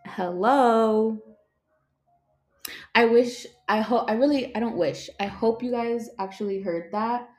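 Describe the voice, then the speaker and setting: A woman's voice: medium pitch, a little mellow. A young woman hosting a casual podcast, rambling, swearing a lot, losing her train of thought and yawning as she talks. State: yawning, tired. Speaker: podcast host.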